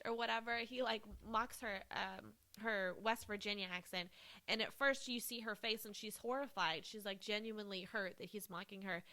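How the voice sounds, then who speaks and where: A woman's voice: mid-range voice, steady tone, normal speed, sharp tone. A woman co-hosting a casual movie podcast, gushing with enthusiasm and peppering her talk with "like" and "um.". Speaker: podcast co-host.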